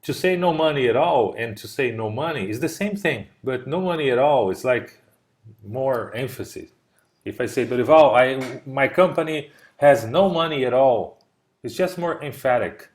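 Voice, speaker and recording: A man's voice: mid-range voice, lively intonation, normal speed, darkish tone. Male tutor on a video call. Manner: explains patiently with examples, checks understanding. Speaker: English tutor. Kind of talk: online English lesson.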